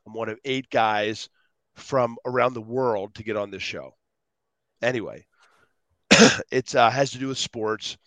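Animated middle-aged man telling stories. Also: mid-range voice, unhurried, long pauses, no echo. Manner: animated, rambling storyteller. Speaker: guest speaker. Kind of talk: casual interview storytelling.

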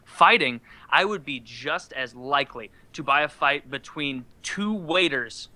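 A man in a casual chat, telling profane, animated stories and laughing as he talks. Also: fairly high pitch, unhurried, no echo. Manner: profane, animated storytelling, laughs while talking.

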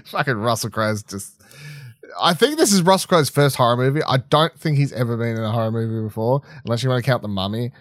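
Animated man in a dry recording. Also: mid-range voice, quick pace, dry recording. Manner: animated, blunt, swears freely. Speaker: podcast co-host. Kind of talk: casual film chat.

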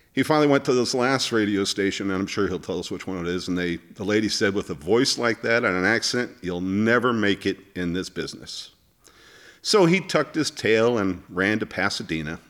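Low-voiced man hosting casual chat. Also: fairly bright tone. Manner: rambling with many fillers, laughs easily. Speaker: host. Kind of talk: casual talk-show chat.

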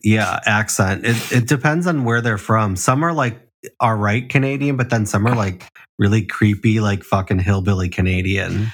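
A man's voice: on the low side, normal speed, husky. A man from the Chicago area co-hosting a podcast, trading crude jokes and stories, swearing freely and giggling often. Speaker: podcast co-host. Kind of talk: casual crude banter.

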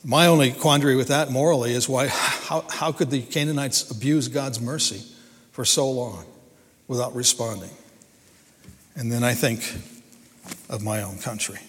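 A man's voice: mid-range voice, steady tone, normal speed, long pauses, slightly rough. A man preaching a sermon in an earnest, emphatic way, often repeating and restarting his words. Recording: long hall reverb.

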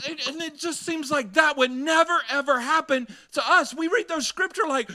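Bright-voiced pastor preaching. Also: male voice, extremely high pitch, normal speed, hardly any pauses. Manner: preaching with rising intensity, conversational asides. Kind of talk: sermon. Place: church.

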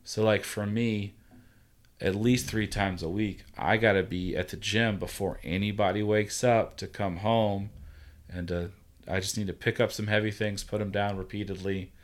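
An earnest man hosting a relaxed podcast chat. His voice sits low, and he talks in a reassuring, storytelling way. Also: normal speed. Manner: earnest, reassuring, tells stories. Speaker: podcast host, father. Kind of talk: casual chat.

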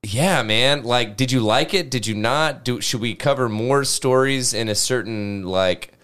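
A man's voice: medium pitch, unhurried, fairly bright tone, clear, resonant tone. A man co-hosting a podcast in casual chat, loose and rambling, swearing freely and laughing often. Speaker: podcast co-host.

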